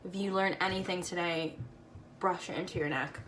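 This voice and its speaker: A woman's voice: lowish voice, fairly even intonation, normal speed, fairly bright tone, a little hiss or hum. A woman casually talking through a makeup tutorial, chatty and playful with slangy asides.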